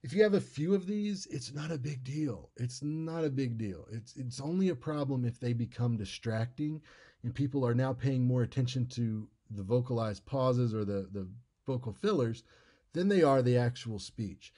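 A man's voice: medium pitch, normal speed, mellow. An American man giving an informal lecture on public speaking, conversational and repeating his key points.

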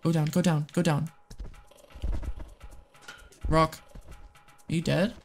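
A woman from the United States streaming a game live, excitable and swearing often, muttering under her breath and then breaking into squealing shrieks. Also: low voice, slow pace, soft background music. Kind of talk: live gameplay commentary.

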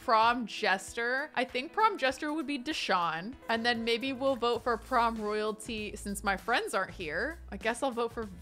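Young woman, casual gaming commentary, chatty and animated, bright forceful voice, soft music underneath. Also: unhurried, hardly any pauses. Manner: chatty and animated, jumping up high for excited squeals; reads game text aloud. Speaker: gaming streamer.

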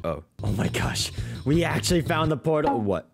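A man voicing his own cartoon character in excitable, quick reactions, full of surprised outbursts, over background music. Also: a little high, creaky. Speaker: host and animator of a game cartoon. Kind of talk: animated cartoon voice acting.

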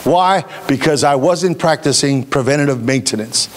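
A man's voice: medium pitch, normal speed. A male pastor giving a sermon, emphatic and talking straight to his congregation.

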